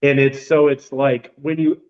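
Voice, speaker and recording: A man's voice: mid-range voice, little pitch movement, a little slow, a little mellow, muffled recording. A man as a guest on a podcast, talking earnestly and animatedly, repeating himself for emphasis. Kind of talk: casual podcast conversation.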